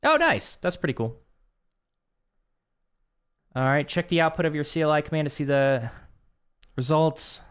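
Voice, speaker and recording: A man's voice: on the high side, normal speed, pauses often, a bit bright, clear, resonant tone. A young man live-streaming as he works through a coding course, reading lesson text aloud and reacting with offhand remarks. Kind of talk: casual live-stream commentary.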